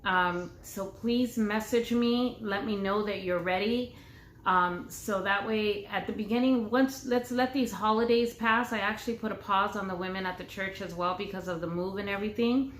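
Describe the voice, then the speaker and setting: A woman's voice: mid-range voice, fairly even intonation, normal speed, slight background noise. Chatty woman pastor in a roomy room. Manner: chatty and playful, teasing. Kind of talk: casual chat with viewers. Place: home room.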